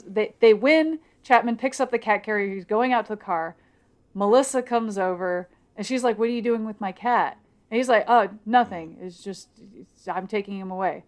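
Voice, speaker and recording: A woman co-hosting a casual podcast, retelling a book's plot and slipping into quick quoted voices. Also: mid-range voice. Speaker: podcast co-host. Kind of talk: casual book recap chat.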